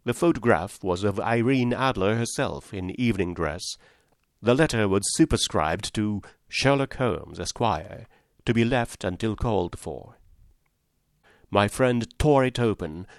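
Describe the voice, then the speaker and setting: A man narrating a classic story in a measured, storytelling manner into a close mic. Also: fairly low pitch, animated, dry recording. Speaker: audiobook narrator. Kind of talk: scripted narration.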